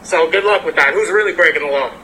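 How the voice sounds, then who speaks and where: A man's voice: fairly high pitch, fast, noisy background. A man in a heated, profane confrontation outdoors on a residential street, filming on his phone. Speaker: delivery worker.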